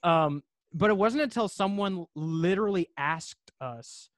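A man with a fairly high voice rambles through a story as a podcast guest, leaning on lots of filler words as he goes. He sounds laid-back and unhurried. The sound is dry, with no room around it. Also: no echo. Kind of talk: casual chat.

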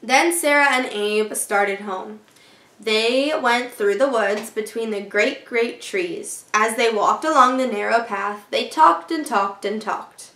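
A fairly high-voiced woman reads a children's chapter book aloud, gentle and storytelling, as a teacher would. The sound is roomy and echoey. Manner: gentle storytelling, voicing characters lightly.

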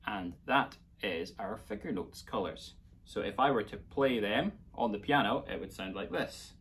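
A man's voice: lowish voice, moderate pace. A man with a Scottish accent teaching a playful children's music lesson, coaxing young listeners along.

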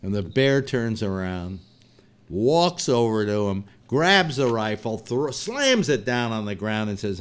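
Animated male talk-show host. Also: medium pitch, slow pace. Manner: animated, laughing storyteller. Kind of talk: telling a long joke to a panel.

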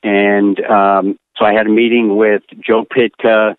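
Older man, animator guest, blunt and animated storyteller; lowish voice, tinny phone-line sound. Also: measured pace, clean tone, no room sound. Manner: blunt, animated, acts out quotes. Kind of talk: candid anecdotal storytelling.

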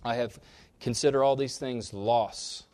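Male pastor, mid-range voice, sermon delivery with strong emphatic rises and quiet drops. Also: steady tone, measured pace. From Kansas. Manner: preaching with big swings in pitch and loudness, rising sharply on key points.

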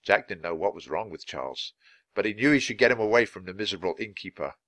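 A man reads a children's storybook aloud for English learners, clear and expressive. His low voice is bright and gravelly with a lively lilt, recorded close in a dry space. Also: quick pace, dry recording. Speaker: storybook reader.

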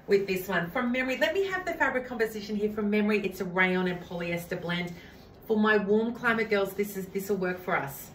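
A woman's voice: medium pitch, a bit bright, echoey room, recorded from a distance, slight background noise, low-quality recording. A woman, enthusiastically trying on clothes for viewers she calls friends. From Australia. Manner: gushing, addresses viewers as friends. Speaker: fashion try-on vlogger. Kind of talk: clothing try-on haul.

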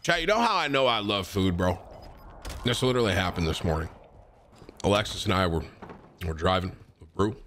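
Lively bright-voiced male streamer. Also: low-pitched, a little fast, long pauses, a little hiss or hum. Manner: excitable, talks while eating. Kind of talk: casual gameplay commentary.

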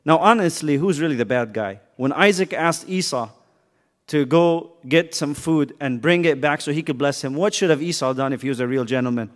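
A man's voice: fairly high pitch, normal speed. A man teaching a casual youth Bible lesson in a church hall, joking and quizzing the kids as he retells the story.

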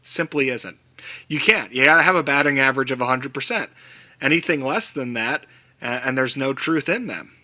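A man hosting a podcast in casual chat, animated and slipping into mock-dramatic quoted voices. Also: medium pitch, moderate pace. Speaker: podcast host.

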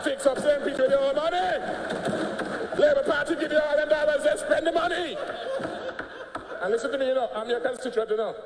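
A man's voice: extremely high pitch, a little fast, pauses often, over a noisy crowd, heavy background noise. An older man with an Antiguan accent giving a combative, mocking speech in parliament. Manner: combative, mocking, laughing jabs. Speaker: politician speaking in parliament. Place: parliament chamber. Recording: echoey chamber, long reverb.

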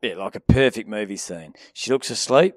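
A man's voice: fairly low pitch, normal speed, no echo. A young Australian man co-hosting a podcast, teasing his mate and chiming in with jokes. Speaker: podcast co-host. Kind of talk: casual banter.

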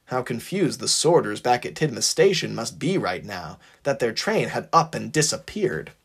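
A narrator reading a fan-written story aloud in an expressive, animated way. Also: medium pitch, moderate pace, gravelly, husky.

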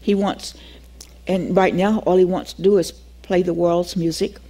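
Speaking at a moderate pace in a lowish voice, an older woman tells her Bible class a personal story. She acts out the conversations with animation and laughs often.

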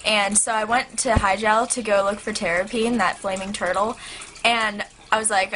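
A teenage girl chatting excitedly to her camera, rambling and full of "like". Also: mid-range voice, moderate pace, low-quality recording. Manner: excitable, rambling, heavy use of "like". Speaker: vlogger. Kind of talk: casual chat to camera. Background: turtle tank filter hum.

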